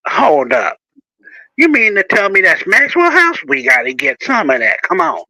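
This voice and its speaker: A man voicing a friendly, nosy man who fusses excitedly over coffee. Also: mid-range voice, a little slow, dry recording, low-quality recording. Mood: chummy.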